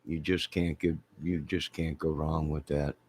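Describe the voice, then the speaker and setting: A man's voice: rumbling low, flat delivery, a little slow, darkish tone, slight background noise. A middle-aged man hosting a livestream, chatting casually with viewers in a rambling, joking way. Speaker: livestream host. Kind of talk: casual chat with live viewers.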